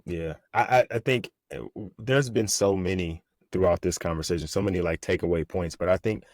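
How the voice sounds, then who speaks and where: Low-voiced casual podcast host, man. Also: darkish tone, dry recording, clean studio sound. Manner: casual, halting, repeats words. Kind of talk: podcast interview.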